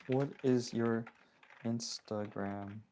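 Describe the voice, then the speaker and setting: Young guy, casual phone livestream host, slangy, chatty, reads out chat, mid-pitched. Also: fairly even intonation, extremely slow, mellow, slight background noise. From Toronto area, Canada.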